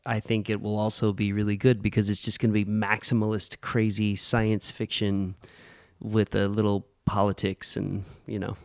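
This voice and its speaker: Man, interview guest, smooth voice, dry close sound, relaxed and thinking aloud. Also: lowish voice, normal speed, no echo. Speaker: guest comics writer. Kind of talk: casual interview talk.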